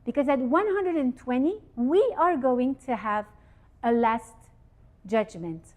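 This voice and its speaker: Woman speaker, fairly high voice, animated religious teaching, quizzes the audience. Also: a little slow. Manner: lively, asks the audience questions. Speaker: speaker giving a Torah talk. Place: event hall with audience.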